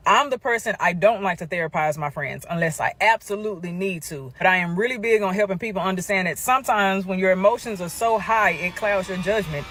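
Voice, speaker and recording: A woman's voice: medium pitch, brisk, hardly any pauses, fairly bright tone. A woman telling a personal story in a chatty way, talking straight to viewers. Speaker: storyteller in a shared clip. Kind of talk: casual storytelling to camera.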